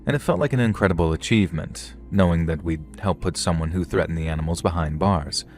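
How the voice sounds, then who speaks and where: Male horror narrator, deep low voice, steady scripted storytelling. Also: fast, faint music behind.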